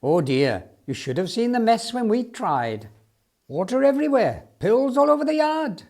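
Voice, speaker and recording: A man's voice: extremely high pitch, big pitch swings, moderate pace, pitched above the performer's own voice, exaggerated voice. A man voicing a kindly male engine driver, speaking in a soothing way. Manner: warm, soothing.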